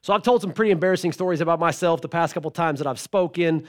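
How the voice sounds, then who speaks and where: A man's voice: on the high side, fast. A middle-aged man preaching a sermon, telling a family story with humor and asides to the congregation. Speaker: pastor.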